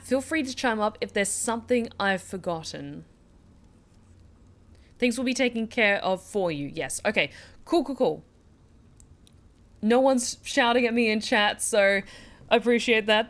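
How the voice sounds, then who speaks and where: A woman's voice: a little high, a little slow, a bit bright. Chatty woman game streamer. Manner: chatty, thanks chat, self-reassuring. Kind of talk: casual let's-play chat.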